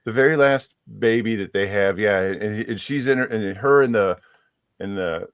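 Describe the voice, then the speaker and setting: A man's voice: fairly low pitch, normal speed, smooth, no echo. A man chatting casually about a book, rambling with many restarts as he hunts for names. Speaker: guest reviewer.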